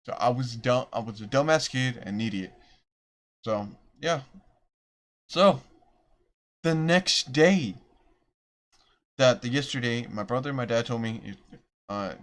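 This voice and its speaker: A man's voice: medium pitch, expressive, unhurried, long pauses. A young man rambling through a storytime vlog, self-deprecating and restarting his sentences often. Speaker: vlogger.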